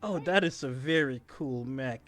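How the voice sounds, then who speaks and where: A man's voice: mid-range voice, moderate pace, a bit bright, faint music behind. A man playing a tabletop game, chatting casually with eager, joking questions. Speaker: player.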